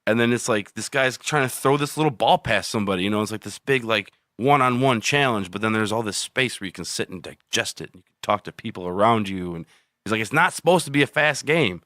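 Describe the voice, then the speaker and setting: Male podcast co-host, lowish voice, casual and profane, dry close sound. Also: quick pace, a bit bright, no echo. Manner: rambling, profane, laughs easily. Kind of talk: casual chat.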